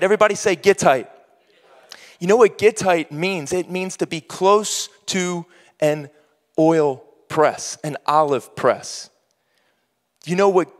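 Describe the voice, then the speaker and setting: A man preaches a sermon with a notably high voice, his words trailing off into a long church reverb. He builds in rising bursts, putting on the voices of doubters and believers as he drives each point home. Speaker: pastor.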